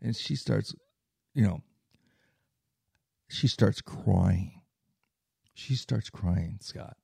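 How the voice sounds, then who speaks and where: A man's voice: lowish voice, very slow, creaky, warm tone, slightly rough, dry recording. A man telling a long personal travel story in casual chat, rambling with many fillers and tag questions. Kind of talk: casual anecdote.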